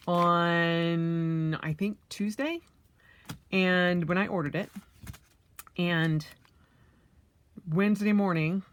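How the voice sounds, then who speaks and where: A woman around forty talks through a casual unboxing at an unhurried pace, her voice a touch lower than most. She thinks aloud with plenty of fillers and breaks into excited squeals. A faint hiss of noise sits under the recording. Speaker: vlogger.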